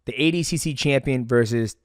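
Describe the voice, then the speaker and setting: A man hosting a podcast, telling stories in a lively, casual way, cursing freely and acting out the voices of the people in them. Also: medium pitch, fairly quick, smooth, dry recording, clean studio sound. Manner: animated, swears freely, acts out voices in stories. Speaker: podcast host. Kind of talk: casual storytelling chat.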